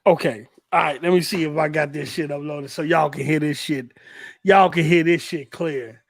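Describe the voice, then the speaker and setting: Guy hosting a gaming stream, cussing and chatting while he messes with clips, kinda high voice, dry close sound. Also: steady tone, normal speed, vocal fry, dry recording. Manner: loose, profane, talks while fiddling with clips. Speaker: livestream host. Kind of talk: casual livestream chat.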